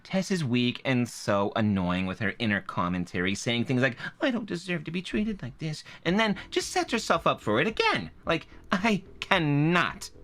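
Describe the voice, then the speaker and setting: A man's voice: fairly high pitch, huge pitch swings, moderate pace, few pauses, a bit bright, heavily acted. A man voicing a sassy, fed-up woman book reviewer as a comedic dramatic reading, theatrical and exasperated.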